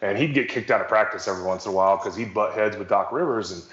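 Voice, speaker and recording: Middle-aged ex-athlete, low voice, rambling wry storyteller, roomy dull recording. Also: male voice, very fast, a bit bright. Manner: rambling, self-correcting, wry humor. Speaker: former pro basketball player as guest. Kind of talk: casual storytelling on a podcast. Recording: roomy, slightly dull sound.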